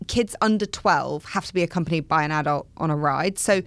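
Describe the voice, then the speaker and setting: A woman in her thirties with a fairly low voice tells a funny story on a podcast, laughing now and then and putting on the voices of the people in it. The sound is dry and close to the mic, with no room around it. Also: fairly quick, no echo. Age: 30s. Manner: chatty storyteller, laughs often, acts out quoted voices. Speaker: podcast co-host. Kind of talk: casual chat.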